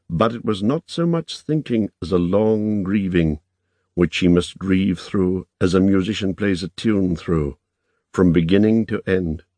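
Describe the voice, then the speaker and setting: A man reading a novel aloud in measured, even scripted narration. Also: low voice, dry recording. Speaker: audiobook narrator.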